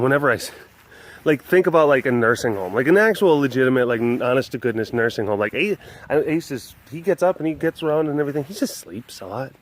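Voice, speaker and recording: A man hosting a casual walk-around webcast outdoors at an animal facility, rambling with lots of fillers and restarts. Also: medium pitch. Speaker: vlog host.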